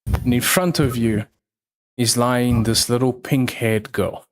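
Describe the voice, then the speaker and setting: A man narrating a tabletop role-playing game as game master, telling the scene slowly with pauses. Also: mid-range voice, fairly even intonation. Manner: slow, measured storytelling with pauses. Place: online livestream.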